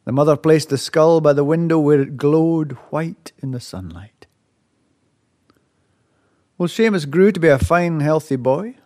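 A man telling a folk tale aloud, measured and expressive, dropping softly and rising with excitement. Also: a little high. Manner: measured, with lively rises and soft hushed drops. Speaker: storyteller. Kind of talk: oral folk-tale storytelling.

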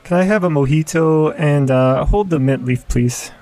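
A woman voicing a relaxed young man on a tropical holiday, a bit lower and louder than her narrating voice. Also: moderate pace. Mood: easygoing. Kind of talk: storybook narration.

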